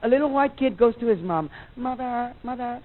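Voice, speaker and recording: A Mexican-American man doing stand-up, his high voice jumping all over as he slips between English and Spanish and acts out his relatives. The sound is thin and tinny, like an old taped television broadcast. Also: animated, fast. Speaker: stand-up comedian. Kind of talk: stand-up comedy set. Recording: tinny, phone-like VHS broadcast audio.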